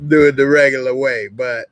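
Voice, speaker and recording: A man's voice: medium pitch, dry recording. A man hosting a casual chat show, playful and joking with his co-hosts. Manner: playful, joking, does voice impressions. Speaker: show host.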